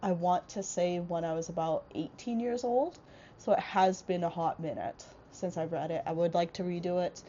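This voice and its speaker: Young woman, congested from a cold, casual rambling vlog chat, slightly low voice, dull lo-fi sound with faint noise. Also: normal speed, warm tone. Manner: chatty, rambling with many fillers and restarts. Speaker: vlogger. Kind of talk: casual book haul vlog. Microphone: small wireless clip-on mic.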